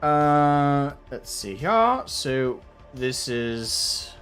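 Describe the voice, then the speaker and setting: A man in his ordinary middle register hosts a laid-back chat as he paints miniatures. He talks in a relaxed, chatty way, pausing with small fillers. Faint music plays underneath. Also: medium pitch. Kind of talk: casual chat while painting.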